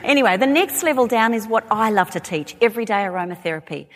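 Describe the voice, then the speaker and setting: Australian woman, forties, lively chatty stage talk, long hall reverb. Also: a little high, fast. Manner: chatty, animated, laughing asides. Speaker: speaker. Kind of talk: talk to a live audience.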